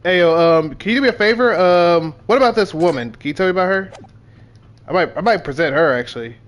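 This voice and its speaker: A man's voice: high voice, fast. A man streaming a game, talking casually in rambling, self-correcting asides between dialogue. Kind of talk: gameplay commentary while reading dialogue.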